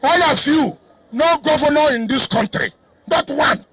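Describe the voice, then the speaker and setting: Shouting Nigerian man, high and bright. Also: measured pace. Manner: repeats himself, cuts in with "hold on"; defiant, declamatory. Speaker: state governor. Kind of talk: shouted address to a crowd.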